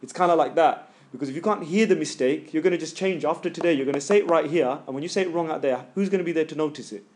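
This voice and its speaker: A man teaching a tajweed class, joking with students and loudly demonstrating sounds. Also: fairly high pitch, fast talker. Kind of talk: classroom lesson.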